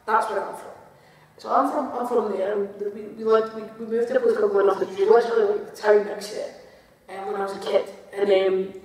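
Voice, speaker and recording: A woman's voice: mid-range voice, fast, a little hiss or hum. Scottish woman, echoey hall, distant mic. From Scotland. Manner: animated, acts out quoted voices, many fillers. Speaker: wrestler, interview guest. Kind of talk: casual interview storytelling. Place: large hall at a wrestling venue.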